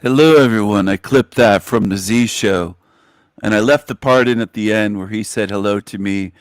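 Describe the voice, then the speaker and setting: A man's voice: lowish voice, normal speed, no echo, clean studio sound. A man hosting an online show in a mocking livestream monologue, with a repetitive, taunting, sing-song delivery.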